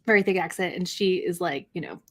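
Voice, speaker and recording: A woman's voice: lowish voice, brisk. A woman hosting a show, chatting casually in an upbeat, encouraging way and speaking straight to viewers. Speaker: host. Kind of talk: casual chat.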